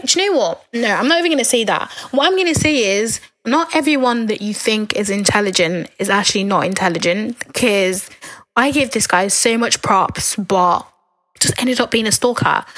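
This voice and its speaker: A young adult woman hosting a podcast alone, talking in a candid, rambling, chatty way, her voice a little hoarse from talking so long. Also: mid-range voice, fairly bright tone. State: losing her voice, a bit hoarse. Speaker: podcast host. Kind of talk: casual podcast monologue.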